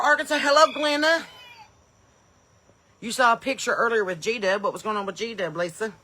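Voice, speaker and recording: A woman, hosting a live stream and chattily greeting viewers, calling out their places with eager bursts of loudness. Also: a little high. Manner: chatty, calls out place names loudly and eagerly. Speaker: comedian and podcast host.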